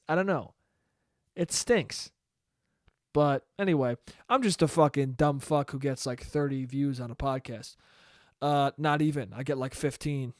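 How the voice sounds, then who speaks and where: A man's voice: fairly high pitch, smooth, dry recording, clean studio sound. A man hosting his own solo podcast, talking casually in a rambling, profane, self-deprecating way. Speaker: podcast host.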